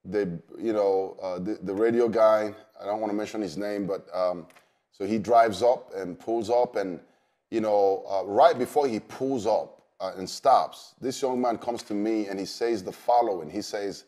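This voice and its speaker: A man, a pastor, telling a personal story in an earnest, unhurried way with many fillers. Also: fairly low pitch, warm tone. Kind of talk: storytelling testimony.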